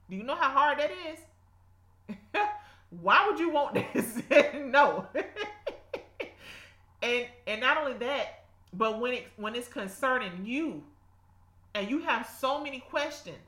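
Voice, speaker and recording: A woman's voice: on the high side, bright, forceful tone, roomy sound. A woman preaching informally to her listeners, fervent and repetitive, breaking into laughs and exclamations. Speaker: podcast host and Bible teacher.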